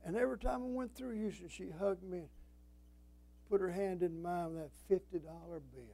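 A man's voice: high-pitched, moderate pace, creaky, dark tone, rough recording. An older man preaching a sermon as a pastor, folksy and emphatic, quoting scripture and telling stories.

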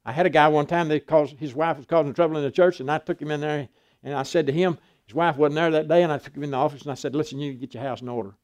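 A man's voice: on the high side, fairly even intonation, quick pace, darkish tone. An older man, a pastor preaching a folksy sermon and acting out Bible dialogue.

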